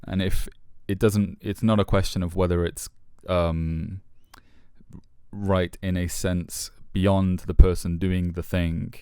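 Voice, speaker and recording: Give me a man with a smooth, resonant voice, musing over a book on a podcast with lots of ums. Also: low-pitched, flat delivery, mellow, no echo, clean studio sound. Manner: thoughtful, halting with many fillers. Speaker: podcast co-host. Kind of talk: casual book discussion.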